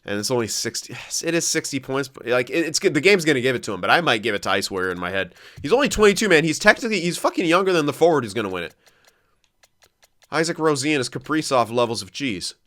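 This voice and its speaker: A young man casually commentating his own hockey game, excitable, thinking aloud and swearing often. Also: medium pitch, quick pace. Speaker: gaming commentator.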